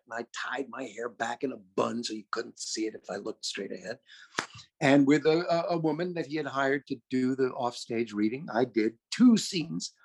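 A man's voice: medium pitch, slightly rough. An older man from California telling a long, rambling story in a chatty, self-correcting way. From California, USA. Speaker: storyteller recounting his career. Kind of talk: anecdotal storytelling.

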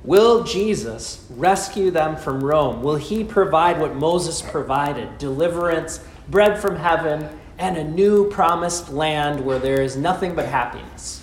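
Male preacher, sermon, rhetorical questions, dramatic pauses, fairly high voice, echoey room, faint ambience. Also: slight background noise.

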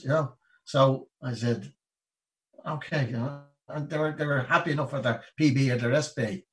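A middle-aged Irish man, a retired Olympic boxer, tells stories as a guest in a casual interview, rambling and saying "you know what I mean" constantly. His mid-range voice is at normal speed, recorded roughly and from a distance.

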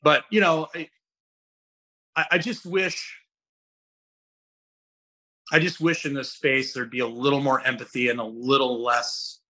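A middle-aged man guest-hosting a podcast, telling stories with lively, bright energy. He rambles, restarts his sentences and keeps slipping into other people's voices. His tone stays forceful and clear. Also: medium pitch, a little slow, pauses often. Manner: animated storyteller who acts out other people's voices. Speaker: fitness coach and guest host. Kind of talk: casual podcast chat.

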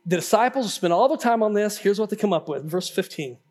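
Male pastor, fairly high voice, conversational preacher who stumbles over repeated words. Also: fairly quick. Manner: conversational and animated, repeats words when excited; talks straight to the congregation. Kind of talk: sermon.

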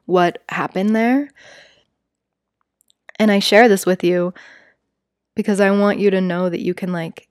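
A young adult woman, a yoga teacher and podcast host, tells a personal story in a chatty way, full of "like" fillers, acting out the voices of the people she quotes. Her voice is medium in pitch, and the sound is studio quality with no room sound.

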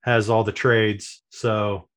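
A man's voice: on the low side, little pitch movement, slow, a bit bright. A man co-hosting a casual podcast, talking hesitantly and groping for the right words. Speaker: podcast co-host. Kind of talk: casual chat.

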